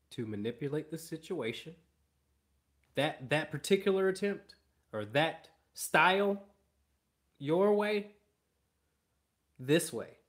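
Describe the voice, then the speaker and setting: A male dog trainer explains his method in an emphatic way, repeating key phrases for weight. He speaks slowly, with an unhurried delivery. His voice sits at an ordinary middle pitch. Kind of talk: instructional explanation.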